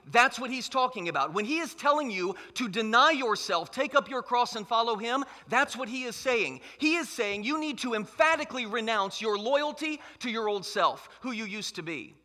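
A man's voice: extremely high pitch, lively intonation, normal speed, hardly any pauses, pushed and bright. A man preaching a sermon as pastor, emphatic and conversational, in a church hall. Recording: long hall reverb.

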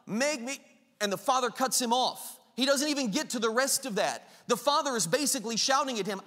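A man preaching with a high, bright, ringing voice. He delivers the sermon with passion and acts out quoted lines with rising force. His words carry a long reverb from a large hall. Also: lively intonation, brisk. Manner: impassioned, acts out the father's lines with rising intensity. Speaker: pastor.

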